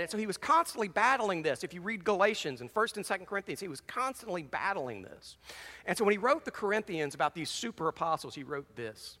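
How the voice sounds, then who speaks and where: A male pastor delivers an animated sermon, mixing jokes with dramatic scripture reading. His voice is bright and sits a little high. The sound rings with the long reverb of a big sanctuary. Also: a little fast. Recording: long reverb of a large hall.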